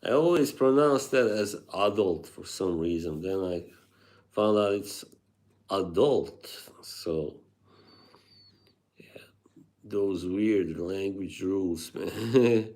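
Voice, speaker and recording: Laid-back guy streaming live, lowish voice, talks slow, laughs a lot and reads chat out loud. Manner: laughs often, rambling, reads chat aloud.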